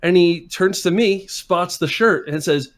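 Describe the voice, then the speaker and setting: Self-deprecating man in his twenties, slightly high. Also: a little slow. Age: 20s. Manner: self-deprecating, storytelling, acts out quotes. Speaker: guest. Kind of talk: casual chat, anecdote telling.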